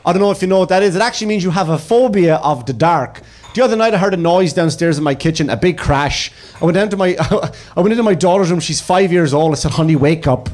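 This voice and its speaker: A man in his thirties from Ireland with an Irish accent, telling jokes in a deadpan stand-up comedy set on a club stage. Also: high voice, quick pace. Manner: deadpan storytelling with punchlines. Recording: live club recording with crowd noise. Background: audience laughter and room noise.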